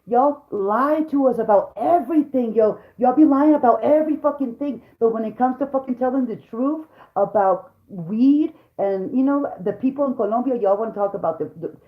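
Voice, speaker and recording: A woman's voice: on the high side, expressive, normal speed, hardly any pauses. A woman rants to her viewers in a heated, foul-mouthed stream, repeating her points for emphasis. Her voice carries a roomy echo. The sound is dull and lo-fi. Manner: heated, profane, repetitive, talks straight to viewers. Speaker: vlogger, mother. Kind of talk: angry profane rant to camera.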